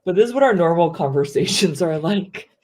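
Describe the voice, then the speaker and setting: A woman hosting a casual livestream chat, playful and quick to giggle. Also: fairly low pitch, lively intonation, darkish tone. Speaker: host.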